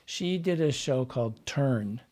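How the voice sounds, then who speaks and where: A man working as a dialect coach and actor, a podcast guest who explains speech habits and drops into quick vocal demonstrations. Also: medium pitch, expressive, darkish tone.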